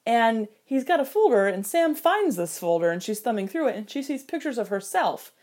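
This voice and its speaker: A woman giving casual film commentary, animated and jokey, with mock outrage and quick impressions of characters. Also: on the high side. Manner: quoting characters in quick put-on voices. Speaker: film reviewer.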